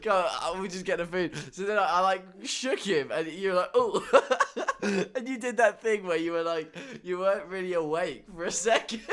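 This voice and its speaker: Guy on a podcast, kinda high voice, keeps cracking up mid story. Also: moderate pace, a bit bright. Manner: laughs through his stories. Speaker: podcast co-host. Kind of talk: casual chat.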